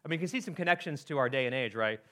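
A man's voice: medium pitch, lively intonation, racing, sharp tone. A man preaching a sermon as pastor, talking casually to his congregation, often checking in with "right?" and reading scripture aloud.

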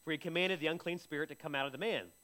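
A man's voice: on the high side, rapid-fire, bright, forceful tone. A middle-aged man preaching a sermon, telling the story vividly and acting out the voices of the people in it. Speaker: pastor.

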